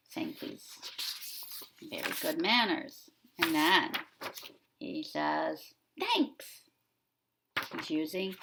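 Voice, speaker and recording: A woman preschool teacher discussing a picture book with young children, asking them gentle questions. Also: fairly low pitch, noisy background.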